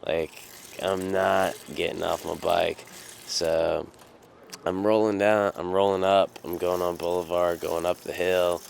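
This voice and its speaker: Young male storyteller, deep creaky voice, loose rambling delivery with swearing. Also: little pitch movement, unhurried, slight background noise. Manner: rambling, many fillers and restarts, casual swearing. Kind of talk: casual personal anecdote.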